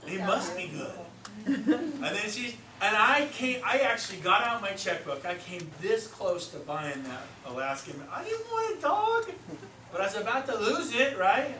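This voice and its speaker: A middle-aged man speaking as a real estate trainer, telling stories in an animated way and acting out the voices he quotes. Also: sits high. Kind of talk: storytelling seminar talk. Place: seminar room. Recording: echoey room, mic far off, noisy.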